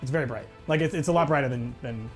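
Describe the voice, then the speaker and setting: A man's voice: medium pitch, quick pace, over music. A man hosting a casual livestream as game master, speaking in a chatty, self-deprecating way into a lapel mic in a room hung with cloth. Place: room with cloth hanging from the ceiling. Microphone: lavalier mic.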